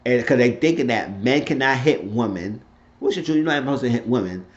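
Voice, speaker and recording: A man's voice: mid-range voice, lively intonation, fairly quick, highs cut off. A man giving a blunt, opinionated, rambling recap of a TV episode in a casual unscripted way. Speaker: TV show reviewer.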